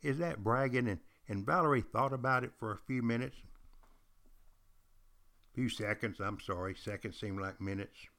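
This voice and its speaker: An older man hosts a podcast with the air of a longtime teacher, retelling history stories. He speaks to his listeners directly, repeating his key points for emphasis, in a voice of ordinary pitch for a man. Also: normal speed, fairly bright tone. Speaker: podcast host. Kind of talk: storytelling history lecture.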